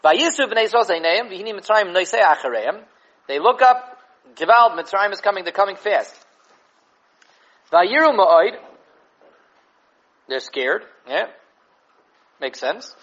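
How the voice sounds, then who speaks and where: High-voiced man teaching Torah, dull recording. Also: measured pace, pauses often. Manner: animated, mixes Hebrew and Yiddish terms into English, repeats words while thinking. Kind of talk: Torah class on the weekly portion.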